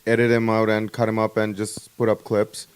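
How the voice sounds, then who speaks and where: A man co-hosting a podcast in casual chat, laid-back and quick to agree. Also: lowish voice, completely flat delivery, clean tone. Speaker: podcast co-host.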